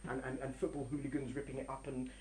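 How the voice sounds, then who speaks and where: A woman with a very deep voice speaks quickly while giving a religious lecture to a live audience in a room. She tells story analogies with animation, acts out scenes, and frequently restarts her sentences. There's slight background noise.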